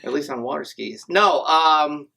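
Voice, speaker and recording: A man's voice: fairly high pitch, unhurried, vocal fry, a little hiss or hum, rough recording. Joking man telling tall tales. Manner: joking, self-mocking, deadpan tall tales. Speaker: podcast guest, triathlete. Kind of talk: casual joking storytelling. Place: podcast studio.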